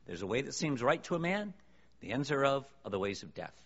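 This sermon comes from a man whose mid-range voice is sing-song and fairly quick, delivered emphatically to a congregation with many rhetorical questions. The audio is dull and lo-fi, with long hall reverb.

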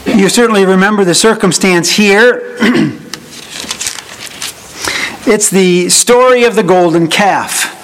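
A man's voice: high-pitched, slow pace, pauses often, fairly bright tone, slight background noise, low-quality recording. A man preaching a sermon, with dry humor, who acts out the voices of people he quotes. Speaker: pastor.

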